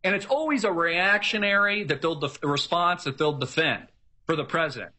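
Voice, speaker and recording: A man's voice: fairly high pitch, moderate pace, sharp tone. A man delivering an emphatic, repetitive political rant, mocking the people he argues with. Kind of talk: ranting political monologue.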